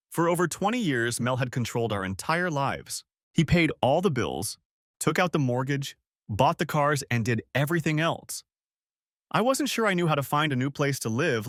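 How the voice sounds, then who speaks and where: A man reading a first-person story aloud as scripted audiobook narration, in an even storytelling tone. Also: mid-range voice, no echo, clean studio sound.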